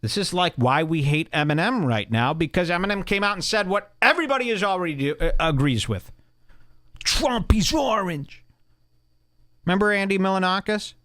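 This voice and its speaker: A man's voice: high voice, lively intonation, fast talker, hardly any pauses, pushed and bright, no echo, clean studio sound. A man hosting a podcast, ranting casually with a mocking, profane edge. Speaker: podcast host.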